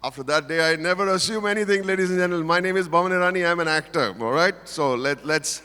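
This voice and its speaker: An older man with an Indian English accent gives a humorous speech on a large auditorium stage at a corporate event, playfully teasing the audience as a motivational speaker. His voice sits high and moves quickly, pushed and bright, clear and resonant, with the room's reverb audible.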